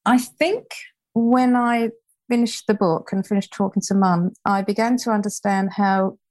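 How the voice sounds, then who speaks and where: A woman's voice: medium pitch, fairly even intonation, normal speed, a little mellow, no room sound. Brief: sixties woman from England, interview guest, earnest and reflective storyteller. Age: 60s. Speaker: author guest. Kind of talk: interview conversation.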